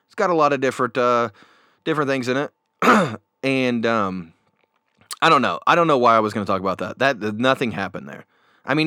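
A man hosting a casual chat show, telling stories in a rambling, animated way with many fillers, close on a desk microphone. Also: fairly low pitch, no echo. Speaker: podcast host. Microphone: new desk microphone.

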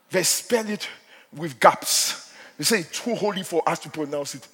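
High-pitched preacher in a ringing hall. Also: male voice, lively intonation, normal speed, husky, soft background music. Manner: impassioned, swinging from hushed to shouting. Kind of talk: sermon. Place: church hall.

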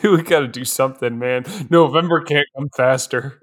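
A man chatting casually as a podcast co-host, laughing often and rambling through absurd jokes about a movie. His voice sits at an ordinary middle pitch. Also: moderate pace, a bit bright. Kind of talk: casual comedic movie recap.

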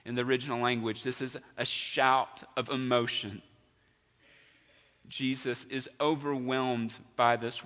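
A man's voice: mid-range voice, bright, forceful tone, long reverb tail. A male pastor preaching a sermon in a church, emphatic and asking his congregation questions. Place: church sanctuary.

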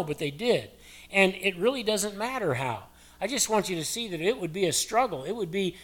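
An older male pastor preaching a sermon in a conversational way, asking his listeners many rhetorical questions. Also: on the high side.

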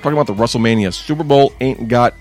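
A man's voice: medium pitch, fast talker, a little mellow, soft background music. A man co-hosting a casual podcast, reading wrestling news with wry, dismissive asides.

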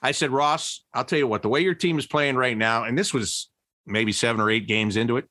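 A middle-aged former broadcaster tells stories briskly in an informal interview, with plenty of restarts and a pitch that jumps when excitement takes hold. The recording is dry.

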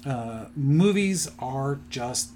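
A man's voice: mid-range voice, expressive, very slow, a little mellow, slight background noise. A middle-aged man on a podcast, rambling through a plot retelling with lots of fillers in a casual chat. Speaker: podcast co-host presenting his picks.

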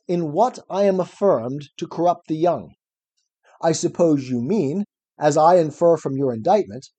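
His voice on the high side, mellow with a breathy edge, a man gives an exaggerated reading of a classic dialogue. He plays an elderly philosopher defending himself at trial, probing and ironic in his cross-examination.

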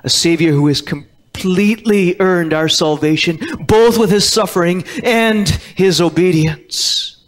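A man preaching a sermon as pastor, emphatic and repeating key words, quoting scripture in old-fashioned wording. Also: sits high. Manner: quotes scripture in King James wording. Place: church sanctuary.

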